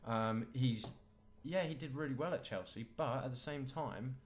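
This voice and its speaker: A man's voice: medium pitch, moderate pace, a little hiss or hum. A man co-hosting a casual football podcast, opinionated and enthusiastic about players. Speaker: podcast co-host.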